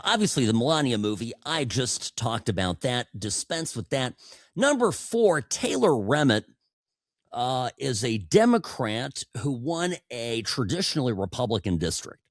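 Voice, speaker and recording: A man's voice: medium pitch, very animated, measured pace, no echo. A man hosting a political talk podcast, delivering a sarcastic monologue that often stumbles and repeats words, into a studio microphone. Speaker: podcast host.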